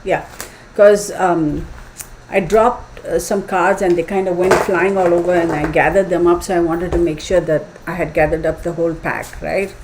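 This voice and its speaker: A woman talks through a live tarot reading with many fillers and restarts. She pauses to think as she goes. A faint noise hums behind her voice. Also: on the low side, steady tone, a little mellow, low-quality recording. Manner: hesitant, filler-heavy, thinking aloud. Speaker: tarot reader.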